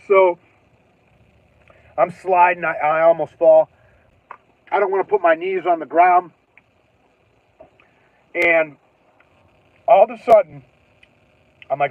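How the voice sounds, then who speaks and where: A man's voice: high-pitched, moderate pace, pauses often, no echo. A man hosting a livestream who tells a story casually and animatedly, swearing, laughing and acting out his own reactions. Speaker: livestream host. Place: in his car. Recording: tinny phone-like livestream audio.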